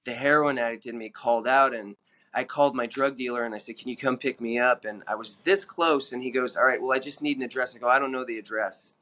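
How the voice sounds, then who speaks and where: A man guest telling his own story in an earnest, halting way, with many fillers and restarts. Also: mid-range voice, bright, forceful tone. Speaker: podcast guest.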